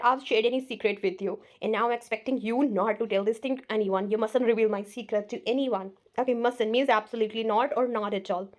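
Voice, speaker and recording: Indian English teacher drilling phrases. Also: female voice, on the high side. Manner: slow, repetitive drilling of example sentences. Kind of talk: spoken English lesson.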